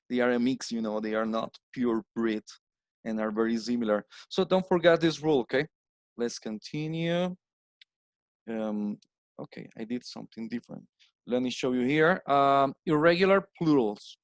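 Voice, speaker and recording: A Colombian man whose first language is Spanish, teaching English plurals in a slow recorded slide lesson and repeating each word for drill. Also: mid-range voice, no room sound. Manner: repeats words slowly with stressed drills.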